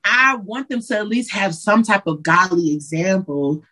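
A woman from Detroit, a Christian hip hop artist, chatting as a guest in an interview, lively and slangy, acting out what her friends say. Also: mid-range voice, moderate pace, slightly rough, low-quality recording. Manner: animated, slangy, acts out quotes of friends. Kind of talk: casual interview chat.

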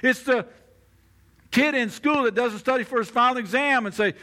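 A male pastor preaching with a very high voice. His tone is bright and forceful, and he talks to the congregation in a conversational way. He often slips into the voices of the people in his examples. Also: normal speed. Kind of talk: sermon.

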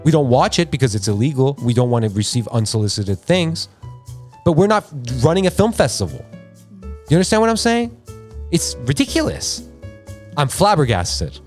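A man hosting a podcast, ranting in an irritated, profane, animated way. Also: medium pitch, moderate pace, soft background music. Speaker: podcast host. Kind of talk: casual podcast rant. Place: podcast studio.

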